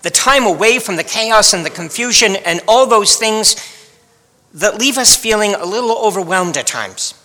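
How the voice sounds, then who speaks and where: A man's voice: sits high, lively intonation, normal speed, bright, forceful tone, long reverb tail. A man preaching a sermon in a wry, dramatic storytelling manner. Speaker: pastor.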